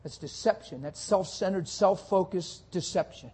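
A male pastor preaching a sermon, dropping soft and low at times and building to loud, rapid rhetorical questions. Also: breathy edge. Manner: swings from soft and low to loud, high-pitched exhortation.

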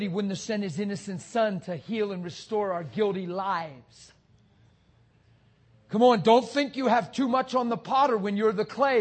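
A man preaching a passionate sermon, swinging between shouts and hushed, intimate talk. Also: sits high, breathy edge.

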